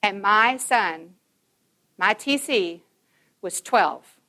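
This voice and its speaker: A woman's voice: medium pitch, lively intonation, drawn-out words, pushed and bright. A woman in her fifties giving a Christian conference talk to mothers, telling personal stories emphatically and acting out the dialogue.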